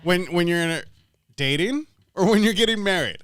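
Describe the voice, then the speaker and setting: A man's voice: high-pitched, animated, a little fast, a bit bright, clean tone. A man co-hosting a podcast in casual chat, profane and emphatic, laughing often. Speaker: podcast co-host.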